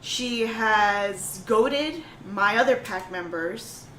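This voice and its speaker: Unhurried woman player, mid-pitched, earnest, roomy room. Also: expressive, fairly bright tone, far from the mic, slight background noise. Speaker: player character, pack leader. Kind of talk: tabletop role-play chat.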